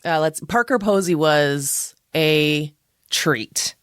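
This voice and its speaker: A woman co-hosting a podcast in casual chat, animated and expressive and quick to laugh. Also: deep voice, smooth, no echo, clean studio sound. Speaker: podcast co-host.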